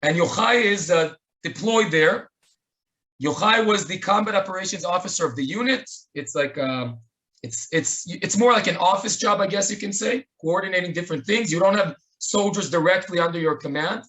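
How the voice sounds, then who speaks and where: An Israeli man with a high, bright voice tells a tribute story earnestly. He slips into quoted dialogue as he goes, speaking into a webinar microphone. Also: normal speed.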